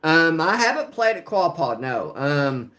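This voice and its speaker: A man with a rural Oklahoma country drawl, talking to his livestream chat in a loose, rambling way and filling the gaps with frequent hesitations. His voice sits a little higher than most men's. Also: big pitch swings, unhurried, pushed and bright. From Oklahoma, USA. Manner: rambling, filler-heavy, talking to chat viewers. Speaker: slot machine livestreamer.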